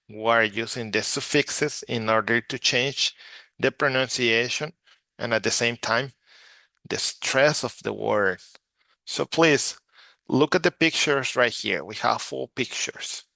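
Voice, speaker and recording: Slow, patient male Spanish teacher. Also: medium pitch, vocal fry, pushed and bright, no room sound. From Mexico. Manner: slow, patient, repeats words for practice. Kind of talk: slide-based language lesson.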